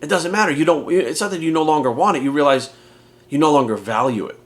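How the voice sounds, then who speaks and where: A man's voice: fairly high pitch, fast. Blunt, swearing man. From United States. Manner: blunt, heavily profane, emphatic. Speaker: fitness coach. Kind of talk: candid motivational monologue.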